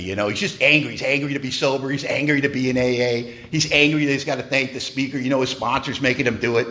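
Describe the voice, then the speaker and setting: A man's voice: medium pitch, steady tone, fast, hardly any pauses, pushed and bright, slight background noise. A man giving a humorous, emphatic personal testimony at a recovery meeting, in a conversational storytelling manner.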